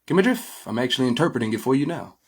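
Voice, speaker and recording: A man's voice: medium pitch, animated, very fast, husky. A man giving an informal spiritual lecture, preachy and repetitive, often asking listeners if they follow him. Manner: preachy, repetitive, asks listeners "get my drift?". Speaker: spiritual teacher. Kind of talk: informal lecture, explaining images.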